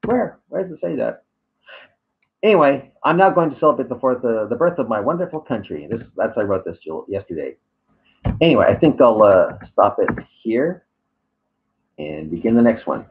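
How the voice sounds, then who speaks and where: A man's voice: mid-range voice, very animated, moderate pace, gravelly. A man reading out and answering online comments, sarcastic and hesitant, with many fillers. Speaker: YouTuber. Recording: tinny phone-like audio.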